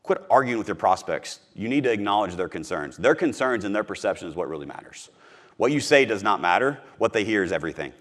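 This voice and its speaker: A man's voice: fairly low pitch, big pitch swings, fast talker, fairly bright tone. Punchy man coaching on sales. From Missouri. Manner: punchy, emphatic, repeats key phrases. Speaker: podcast host teaching sales. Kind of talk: motivational talk to an audience.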